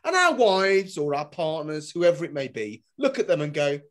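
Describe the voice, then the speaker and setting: A man doing a stand-up comedy routine, swinging between loud punchlines and muttered asides. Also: a little high, sing-song, moderate pace. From Britain. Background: audience laughter.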